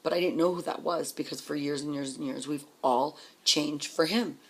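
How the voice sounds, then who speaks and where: Middle-aged woman, raspy edge, telling it straight with plenty of swearing. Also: deep voice, steady tone, moderate pace. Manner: blunt, swears often, repeats words when emotional. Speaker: trucker's wife telling her story. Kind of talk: candid personal storytelling.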